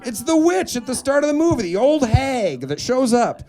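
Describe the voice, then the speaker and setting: A young man doing a stand-up comedy set on a club stage, animated and quick to slip into put-on voices. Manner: animated, jumps into high put-on voices for characters. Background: audience laughter.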